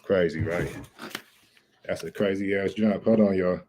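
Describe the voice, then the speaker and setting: Deep-voiced laid-back male livestream host. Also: fairly even intonation, measured pace, dark tone. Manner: laid-back, rambling, slangy. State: out of breath. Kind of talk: casual livestream chat.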